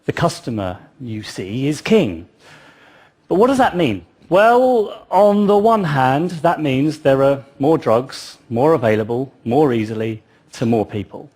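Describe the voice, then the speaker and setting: A man's voice: medium pitch, big pitch swings, a little slow, darkish tone, breathy edge. A man giving a public talk, telling it as a story with wry asides. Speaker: speaker.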